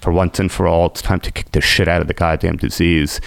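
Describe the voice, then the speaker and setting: A man's voice: deep voice, little pitch movement, brisk, creaky, dry recording. A man, a podcast guest, telling his recovery story in an emotional, intense way.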